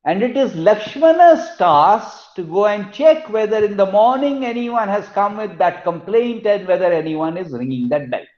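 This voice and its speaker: A man's voice: high voice, expressive, moderate pace, hardly any pauses. A man giving a university lecture. He tells a fable and then explains it. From India. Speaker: guest lecturer. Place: university hall. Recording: echoey hall, dull lo-fi sound.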